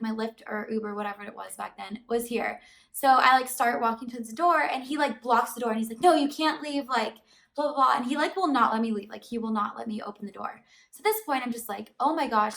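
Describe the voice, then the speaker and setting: A woman vlogger tells a story straight to camera in a relaxed, chatty storytime style, filling her sentences with "like" as she animatedly retells events. Her voice is a little high and creaky, and she talks fast. The mic seems to be some way off, so she sounds a bit distant.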